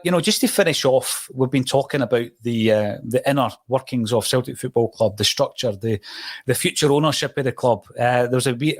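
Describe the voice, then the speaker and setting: A man, hosting a football podcast and telling stories in a relaxed, chatty way. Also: mid-range voice. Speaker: podcast host. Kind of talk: casual chat.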